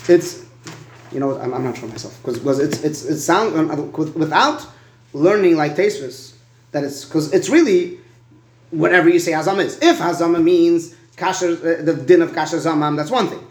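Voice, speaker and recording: A man teaching a Talmud study session, reasoning aloud in quick bursts and repeating words as he thinks, in an echoey room. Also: fairly high pitch, a little mellow. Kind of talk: animated Talmud study debate.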